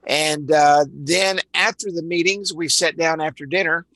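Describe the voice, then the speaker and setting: A man's voice: fairly high pitch, steady tone, a little slow, fairly bright tone, no echo, rough recording. A man from Dallas with a Texan accent, leading a live online sales training in a rambling way, full of repeated words and uhs. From Dallas, Texas.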